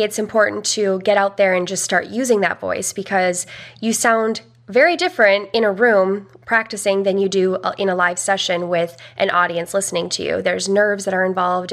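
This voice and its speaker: A young woman, a vocal coach, talking earnestly in a podcast interview, with some fillers. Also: medium pitch.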